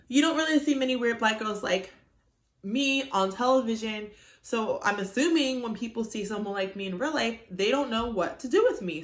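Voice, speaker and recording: A young woman vlogging at home to her phone camera, candid and chatty with exasperated asides. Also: a little high. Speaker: YouTuber. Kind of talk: casual vlog talk to camera. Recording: echoey room.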